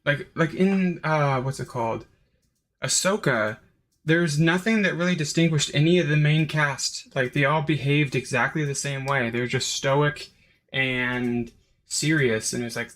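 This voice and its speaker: A man's voice: a little high, a little slow, fairly bright tone. A man hosting his own review channel, talking in a rambling, unscripted way with lots of "like" and "um" fillers. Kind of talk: casual unscripted review monologue.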